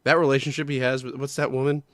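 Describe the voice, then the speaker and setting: A man's voice: medium pitch, level tone, quick pace, a bit bright, dry recording. A man co-hosting a podcast, chatting casually in a rambling way, swearing often and groping for names. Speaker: podcast co-host. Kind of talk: casual chat.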